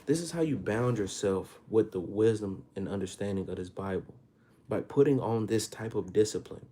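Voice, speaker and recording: A man with a Texas accent and a low, mellow voice leads a relaxed, conversational Bible class. He reads verses slowly, then breaks them down in everyday street slang with rising emphasis, as informal scripture teaching.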